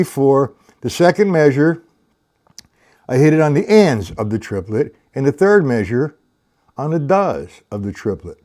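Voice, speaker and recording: Older man teaching drums, lively pitch. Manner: casual, rambling, counts beats aloud. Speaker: drum teacher. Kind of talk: live-streamed drum lesson.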